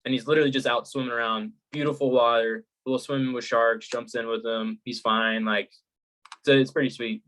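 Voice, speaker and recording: A young man with a medium-pitched voice tells stories in a relaxed podcast chat. He is animated and laughs easily. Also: a little fast, poor audio. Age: young adult. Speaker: podcast co-host. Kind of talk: casual chat.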